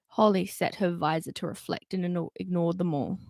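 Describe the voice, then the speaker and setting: A woman's voice: on the low side, fairly even intonation, brisk, vocal fry, darkish tone, no room sound, clean studio sound. A woman reading a novel aloud and doing voices for the characters, with chatty asides between passages. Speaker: reader.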